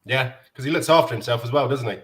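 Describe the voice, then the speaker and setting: A man's voice: medium pitch, fast talker, a bit bright. A man co-hosting a casual football podcast, telling chatty self-mocking anecdotes. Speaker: podcast co-host.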